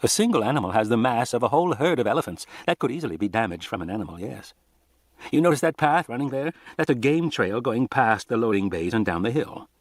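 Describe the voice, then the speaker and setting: A man doing a calm lecturing scientist. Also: medium pitch, no room sound, clean studio sound, natural voice. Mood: explaining. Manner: measured, explanatory. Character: calm, lecturing male scientist, middle-aged.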